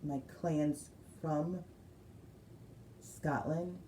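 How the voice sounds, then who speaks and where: A woman with a low-pitched, mellow voice, chatting through a spiritual crystal card reading. She wanders off on tangents, then reads the card text aloud with emphasis. A faint background hiss sits under her voice. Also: fairly even intonation, drawn-out words. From United States. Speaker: spiritual reader.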